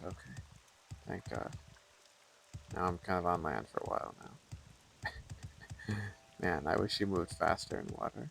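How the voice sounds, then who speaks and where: Gravelly-voiced man streaming a game. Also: low voice, unhurried, pauses often, fairly bright tone, a little hiss or hum, poor audio. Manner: playful, muttering reactions to the game. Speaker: streamer playing a video game. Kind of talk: casual live gameplay commentary.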